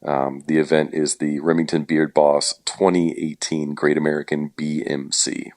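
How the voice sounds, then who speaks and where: A man with an extremely deep, low voice talks casually as a guest on a podcast. He keeps it relaxed and joking, padding his sentences with fillers. The recording is dry and close. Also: normal speed, no echo. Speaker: event organizer and guest.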